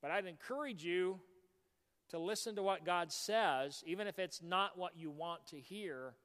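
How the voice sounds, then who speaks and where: A man preaching a sermon as pastor, animated, breaking into shouts, in a church. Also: high voice, measured pace. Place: church sanctuary. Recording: long hall reverb.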